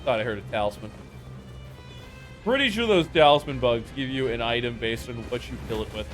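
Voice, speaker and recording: A man's voice: mid-range voice, animated, fairly bright tone, soft background music. Joking male streamer calling out game moves. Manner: joking, quick game callouts. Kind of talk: casual gaming banter.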